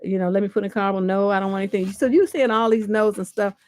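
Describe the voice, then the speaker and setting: A woman's voice: mid-range voice, steady tone, quick pace, a little mellow, no echo, clean studio sound. A middle-aged woman hosting a livestream as a relationship coach, reading listener questions aloud and answering in a blunt, profane, mocking way. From Northern California. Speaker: relationship coach and show host.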